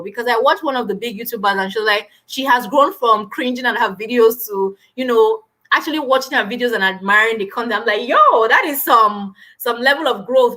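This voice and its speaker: A middle-aged woman hosting a casual live stream, talking loudly and with lots of energy, on a built-in mic with no lapel mic. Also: on the high side. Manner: loud, animated, says she is always shouting.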